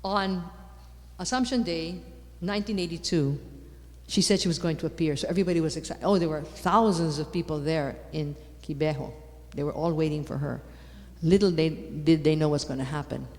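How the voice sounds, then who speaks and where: Woman speaker, low-leaning voice, emphatic conference talk in a reverberant hall. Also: brisk. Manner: lively, repeats for emphasis, rising to loud exclamations. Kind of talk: animated talk on faith.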